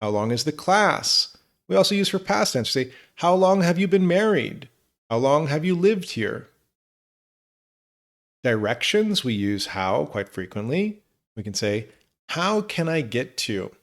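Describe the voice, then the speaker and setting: Gravelly-voiced man teaching English phrases. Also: fairly high pitch, big pitch swings. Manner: slow, clear model phrases for learners. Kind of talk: scripted lesson narration.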